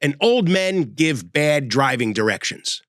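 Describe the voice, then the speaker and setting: A man in his sixties giving a sarcastic, animated comedic monologue as host. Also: fairly high pitch, measured pace, dry recording. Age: 60s.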